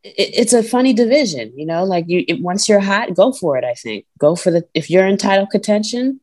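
A woman co-hosting a casual sports podcast, talking in an animated, profane ranting way with frequent laughs. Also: medium pitch, fairly quick. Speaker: podcast co-host.

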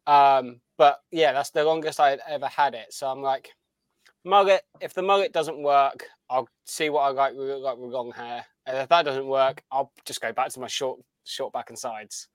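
A man's voice: medium pitch, fairly even intonation, moderate pace, dry recording. A young man chatting casually as a podcast co-host, rambling and enthusiastic with many restarts. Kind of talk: casual chat.

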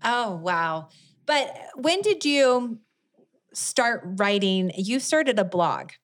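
A woman's voice: fairly high pitch, big pitch swings, drawn-out words. A woman hosting a casual interview, reacting to her guest and asking follow-up questions. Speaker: podcast host.

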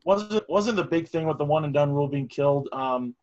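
A man's voice: fairly high pitch, expressive, a little fast, darkish tone, dull audio. A young man co-hosting a casual podcast, crude and mocking. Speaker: podcast co-host.

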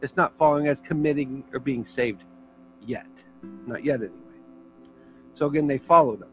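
A man's voice: medium pitch, normal speed, a bit bright, muffled recording, faint music behind. A man preaching a sermon as pastor, in a casual, conversational way with fillers and small jokes.

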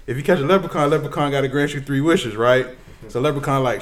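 A man's voice: a little high, fast, roomy sound, far from the mic. Casual profane man telling a joke. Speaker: joke teller.

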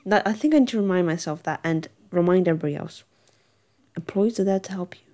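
A woman's voice: fairly low pitch, fast talker, mellow. A young woman vlogger talking casually and at length to her viewers, rambling and laughing often as she reassures herself and them. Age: young adult. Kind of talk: casual chat to camera.

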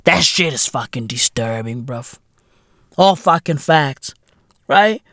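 A man's voice: mid-range voice, slow, no room sound, studio quality. Profane slangy man ranting on a podcast. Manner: profane, slangy, animated, laughs often. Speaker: podcast host. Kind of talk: comedic monologue.

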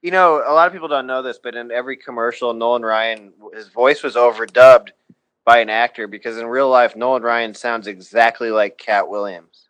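A man's voice: medium pitch, fairly even intonation, fairly quick, fairly bright tone, clear, resonant tone, no room sound, low-quality recording. A man co-hosting a casual sports podcast, throwing in joking asides. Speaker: podcast co-host.

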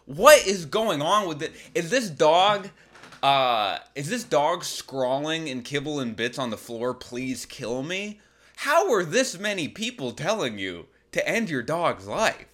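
A man's voice: a little high, big pitch swings, unhurried, a bit bright. A young man hosting a comedy advice podcast, reading listener questions and ranting back in disbelief with rhetorical questions. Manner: incredulous, exasperated rants with rhetorical questions.

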